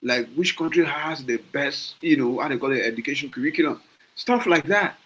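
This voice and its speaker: A Liberian podcast host with a Liberian accent shares casual opinions with passion, often restarting phrases and posing rhetorical questions. His medium-pitched male voice is a little fast with a sharp tone, and the recording quality is low.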